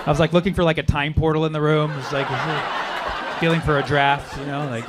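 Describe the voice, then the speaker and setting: A man's voice: fairly high pitch, steady tone, a little fast. A man doing a stand-up comedy set on a club stage, riffing with the audience and punching up his lines. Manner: conversational, riffing with the crowd, loud punchlines. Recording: live club recording with crowd noise and laughter.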